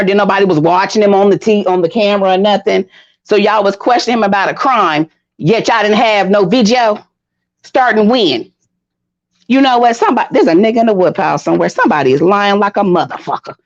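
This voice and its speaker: A woman hosting a casual livestream from home, commenting on the news in a blunt, profane way with animated outbursts, talking straight to her viewers. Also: mid-range voice, no echo. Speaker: livestream host. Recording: dull lo-fi stream audio.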